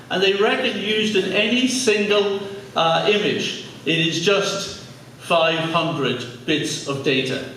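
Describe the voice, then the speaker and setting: An Irish man with a fairly high voice delivers a lecture to a live audience, chatty and joking with the crowd. He is heard from a distance in a very echoey hall, with faint room noise behind him. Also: a bit bright. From Ireland. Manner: conversational, jokey asides with audience. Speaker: speaker giving a public talk.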